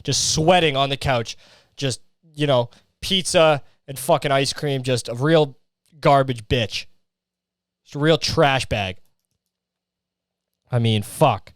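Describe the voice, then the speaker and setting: A man's voice: medium pitch, takes it slowly, long pauses, dry recording, studio quality. A young man hosting a solo comedy podcast, ranting profanely and acting out voices while sweating in a heatwave. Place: his hot bedroom.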